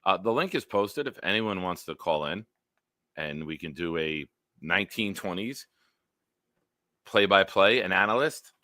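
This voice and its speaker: A man's voice: sits low, expressive, measured pace, long pauses, pushed and bright, no room sound, studio quality. A man hosting a casual football live stream, blunt and opinionated, with some profanity. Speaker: host.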